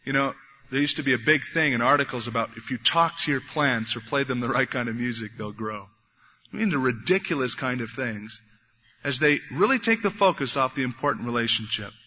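A man preaching a sermon, animated, acting out the voices of biblical figures as he goes. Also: mid-range voice, a little fast. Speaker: pastor. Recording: dull lo-fi recording in a reverberant hall.

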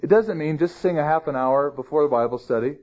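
A man's voice: a little high, fairly quick, a little mellow. A man teaching through a Bible passage in a conversational way, stressing key phrases with rising emphasis. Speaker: pastor. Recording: dull lo-fi sermon recording.

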